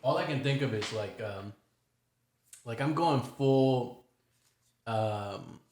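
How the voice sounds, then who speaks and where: A man's voice: mid-range voice, slow pace, darkish tone, a little hiss or hum. Man with a Miami accent, roomy sound. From Miami, United States. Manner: rambling, jokey storytelling. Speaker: podcast co-host. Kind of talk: casual chat. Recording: roomy echo.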